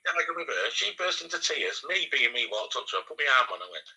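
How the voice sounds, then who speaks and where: A man with a Northern English accent, casually telling lively anecdotes and acting out the lines of the people in them, laughing often. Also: medium pitch, fast, breathy edge, low-quality recording. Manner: animated storyteller acting out quotes, laughing often. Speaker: radio presenter guest.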